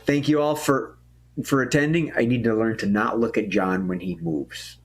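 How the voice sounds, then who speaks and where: A man's voice: mid-range voice, steady tone, moderate pace. A man hosting a live improv comedy show online, joking and laughing often between turns. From Minnesota.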